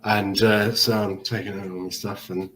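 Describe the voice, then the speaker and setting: A man's voice: on the low side, little pitch movement, normal speed, a bit bright, a little hiss or hum, poor audio. A man co-hosting a football podcast, telling chatty anecdotes and slipping into jokey voices. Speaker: podcast co-host. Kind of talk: casual football podcast chat.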